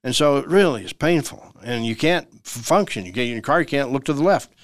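Male attorney radio host of middling pitch, emphatic and repetitive, dry close sound. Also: expressive, brisk, dry recording. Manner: emphatic and repetitive, acts out everyday dialogues. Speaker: lawyer hosting a legal radio show. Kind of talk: conversational legal advice talk.

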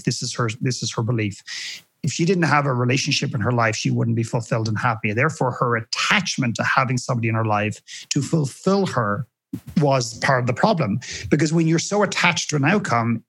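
A man speaking as a guest coach in a podcast interview, telling a story in an animated way and acting out the voices he quotes. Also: medium pitch, vocal fry, slightly rough.

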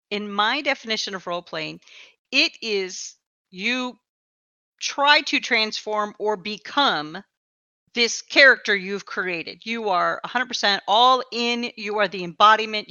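A woman's voice: medium pitch, pushed and bright, no room sound. A woman hosting a casual podcast chat, who often repeats her words as she talks. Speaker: podcast host. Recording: dull, slightly lo-fi dry sound.

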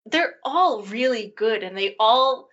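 A woman's voice: on the high side, animated, slow pace, a bit bright. A woman co-hosting a podcast, chatting casually about a movie, laughing often and trailing off mid-sentence. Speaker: podcast co-host. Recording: dull lo-fi audio.

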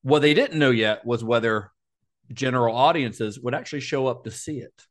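A man's voice: mid-range voice, moderate pace. Chatty man telling film history. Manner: informative, retells facts with asides and laughs. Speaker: podcast co-host. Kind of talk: casual film-history chat.

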